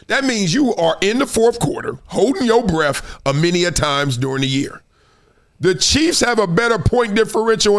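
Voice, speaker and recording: A man hosting a casual sports commentary show, animated and slangy, speaking straight to his viewers and slipping into sing-song bits. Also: high voice.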